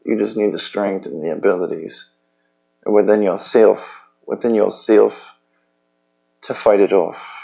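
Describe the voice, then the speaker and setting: A man talking in a loose, rambling personal monologue, profane and halting, with many restarts. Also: lowish voice, steady tone, creaky, warm tone. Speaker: vlogger.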